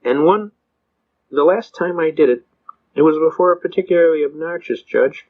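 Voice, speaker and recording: A man's voice: on the high side, normal speed. A man giving an anecdotal lecture on legal rights in a folksy, emphatic storytelling manner, on a dull lo-fi recording.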